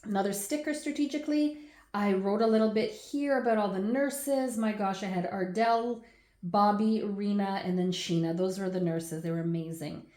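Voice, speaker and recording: A woman in her forties, the host of a scrapbooking channel, chatting through a baby album at home with laughs and animated asides. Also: medium pitch, normal speed, roomy sound. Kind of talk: casual chatty album walkthrough.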